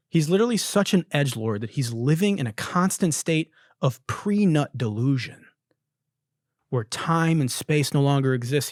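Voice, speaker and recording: A young man runs a comedy podcast, riffing on viral clips with a loose, profane edge and frequent laughter. His voice sits at a middle pitch and comes across close and dry, with no room sound. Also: dry recording. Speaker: podcast host. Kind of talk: casual comedic commentary on viral videos.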